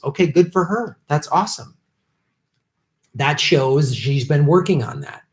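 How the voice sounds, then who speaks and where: A man hosting a political commentary livestream, reading viewer donations and ranting with heavy profanity, swinging from muttering to shouting. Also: fairly high pitch, measured pace.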